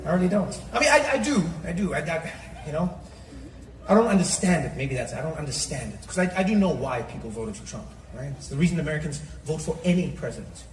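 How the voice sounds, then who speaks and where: A man doing a stand-up comedy set, animated and slipping into mocking voice impressions. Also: a little high, fast talker, slight background noise. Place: comedy stage before a live audience. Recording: roomy live recording with crowd laughter, from a distance.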